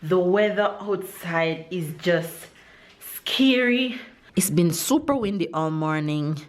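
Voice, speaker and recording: Slow, chatty Jamaican mom vlogging. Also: female voice. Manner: chatty and relaxed, often laughing, jumps very high when excited. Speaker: vlogger, mother. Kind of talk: casual home vlog to camera. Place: at home indoors.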